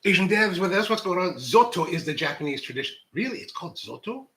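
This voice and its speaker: A man's voice: high voice, big pitch swings, fast talker, bright, forceful tone. A man hosting a coffee channel livestream, chatting casually and reading viewer comments in a rambling way with many restarts. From United States.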